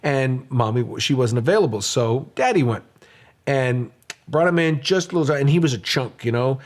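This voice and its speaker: A middle-aged man co-hosting a casual podcast, telling stories with animated acted-out voices. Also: medium pitch, moderate pace. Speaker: podcast co-host. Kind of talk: casual storytelling chat.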